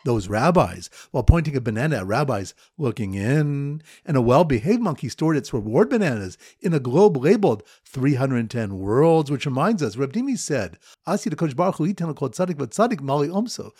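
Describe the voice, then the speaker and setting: A Talmud teacher reviews Talmud pages through playful mnemonic stories, telling them with lively sudden jumps up and down in pitch. He speaks fairly quickly with few pauses in a slightly rough voice, and the recording is clean studio sound with no room echo.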